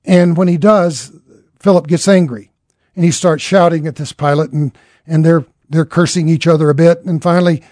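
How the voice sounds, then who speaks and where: A man's voice: fairly high pitch, steady tone, normal speed, a little mellow, dry recording, clean studio sound. A man telling a dramatic story in an earnest way, acting out the characters' lines as he goes.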